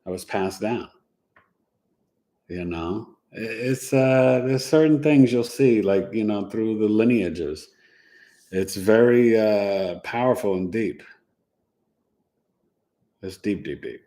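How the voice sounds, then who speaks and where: A man hosting a casual podcast, telling animated family anecdotes with laughs and sound effects. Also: fairly low pitch, takes it slowly. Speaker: podcast host and astrologer. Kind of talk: casual storytelling chat.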